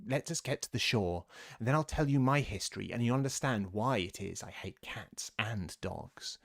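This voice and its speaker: A man voicing a small, touchy storybook mouse that speaks in a shrill, passionate way. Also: expressive, normal speed, creaky. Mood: trembling. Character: small touchy trembling mouse, cat-hating.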